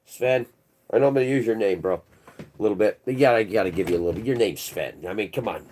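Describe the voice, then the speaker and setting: A man's voice: lowish voice, quick pace, darkish tone, slight background noise. A man hosting a livestream, rambling through conspiratorial commentary and calling his viewers "bro". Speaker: channel host. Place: indoors.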